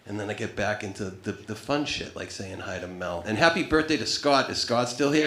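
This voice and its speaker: At a normal speed with few pauses, a man in his thirties delivers a foul-mouthed, wry stand-up set in a medium-pitched voice, rambling and cutting himself off. The live recording from a small comedy club sounds roomy, with heavy background noise and audience laughter.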